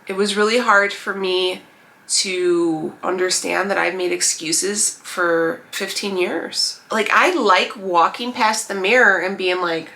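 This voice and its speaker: A woman in her thirties talking straight to the viewer in a motivational lifestyle vlog, animated and preachy. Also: medium pitch, unhurried, creaky, slight background noise. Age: 30s. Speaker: lifestyle vlogger. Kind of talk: motivational vlog talk to camera.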